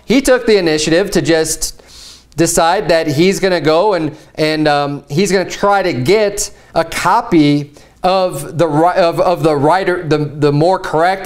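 A man preaching a sermon in a church in a conversational way, often restarting and repeating words. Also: on the high side.

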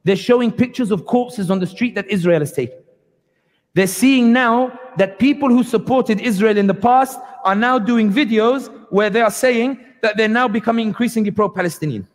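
A man's voice: sits high, normal speed. A man giving a passionate, sarcastic public lecture at a community event, acting out quoted speakers. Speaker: guest speaker. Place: community hall. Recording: long hall reverb.

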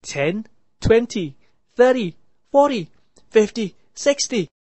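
Woman as a giddy storybook brother: high-pitched, bright, slow, gleeful counting. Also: animated, no echo. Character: cheerful laughing young male carrot-counting brother.

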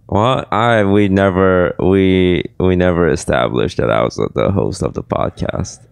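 Deep gravelly man losing his voice. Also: a little slow, no echo. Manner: rambling, self-deprecating, reads ad plugs casually. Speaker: podcast host. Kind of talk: casual podcast chat.

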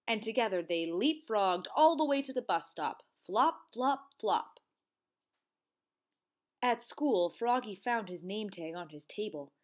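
A woman teacher reading a children's storybook aloud, in an expressive, sing-song way. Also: mid-range voice, normal speed, few pauses.

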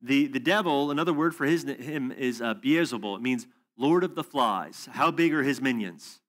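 Man, conference preacher, storytelling sermon, acts out the dialogue, mid-pitched voice. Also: normal speed. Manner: animated storytelling, acts out both sides of dialogue. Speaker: conference speaker. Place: church hall or conference room.

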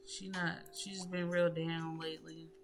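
A woman's voice: sits low, little pitch movement, a little slow. Chatty woman narrating her gameplay. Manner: chatty, slangy, addresses viewers as y'all. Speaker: gaming YouTuber. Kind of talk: casual gameplay commentary. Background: music.

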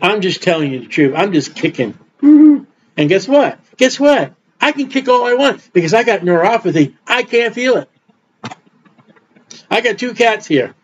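Middle-aged male preacher, high-pitched, blunt rambling delivery, muffled lo-fi recording. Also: very animated, normal speed, a little hiss or hum. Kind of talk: informal sermon. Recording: dull lo-fi recording.

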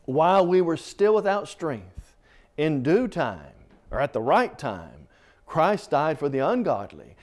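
A man's voice: fairly high pitch, sing-song, unhurried, a little mellow. A man preaching a televised sermon, reading scripture with impassioned, swelling emphasis and calling the listener "friend.".

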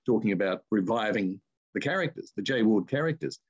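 An older Australian man spins long, rambling anecdotes in a relaxed interview, speaking in a low voice. The recording sounds dull and lo-fi. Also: a little fast. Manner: rambling anecdotes with lively asides. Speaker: voice artist and author, guest. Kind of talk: casual interview storytelling.

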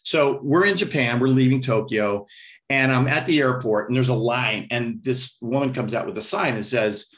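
A guest drummer and percussionist tells stories in a casual interview, speaking at normal speed in a mid-range voice. He's animated, vocalizing rhythms and acting out what people said.

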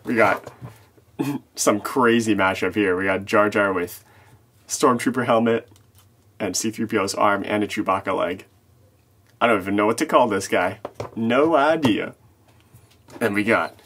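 A man's voice: on the low side, moderate pace, long pauses, a bit bright, slight background noise. A man hosting a casual toy showcase vlog, easygoing and chuckling between remarks. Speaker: toy channel host.

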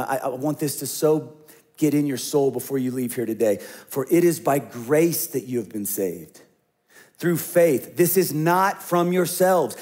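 A middle-aged man delivers a sermon in a relaxed, conversational way, his voice sitting a little high for a man. He moves between plain talk and quieter, hushed storytelling. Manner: conversational preaching, dropping to hushed tones for stories. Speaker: pastor.

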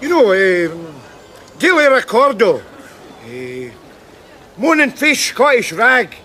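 A man's voice: very high-pitched, big pitch swings, slow pace, sharp tone, exaggerated voice. An actor with a Glaswegian accent playing a scruffy, boastful working man on holiday in a sitcom, rambling and chuckling. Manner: rambling, cheeky, chuckling asides. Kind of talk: sitcom acting.

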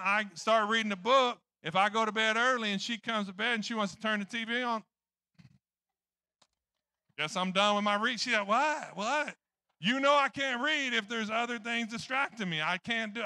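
A man's voice: high-pitched, sharp tone, clear, resonant tone, no room sound. A man preaching a sermon in church, rambling and joking at his own expense. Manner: rambling, joking, self-deprecating.

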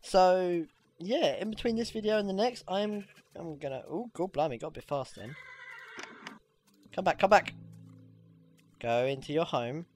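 A gamer giving casual, excitable gameplay commentary, swearing freely and squealing when things go well. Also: mid-range voice, measured pace, long pauses, soft background music. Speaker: let's play gamer.

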